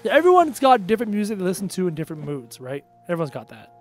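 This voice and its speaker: A man's voice: high-pitched, very animated, very fast, faint music behind. A young man chatting casually on a live stream, answering chat bluntly and repeating phrases for emphasis.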